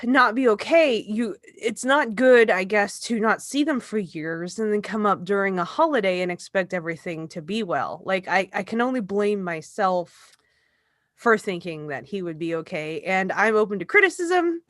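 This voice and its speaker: A young adult woman, co-hosting a podcast, narrates a story in relaxed chat and voices the quotes with lots of swearing. Her mid-range voice is expressive and a bit bright, at a moderate pace. The recording is studio quality with no room sound.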